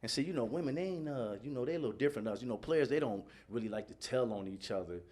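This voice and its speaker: A male stand-up comedy host, loose and profane, slipping into animated voices for his bits. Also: medium pitch, racing.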